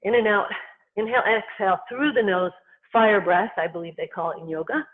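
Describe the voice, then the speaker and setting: Qigong instructor, calm short cues, tinny phone-like sound. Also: medium pitch. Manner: calm, unhurried cueing in short phrases. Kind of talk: guided movement and breathing instruction.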